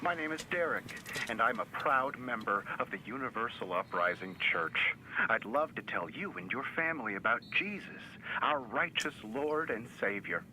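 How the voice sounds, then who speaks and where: A man's voice: mid-range voice, expressive, normal speed, bright, forceful tone, a little hiss or hum, low-quality recording. An actor playing an overly cheery adult male door-to-door preacher in a video game, talking with syrupy, formal politeness. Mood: preachy. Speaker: game character.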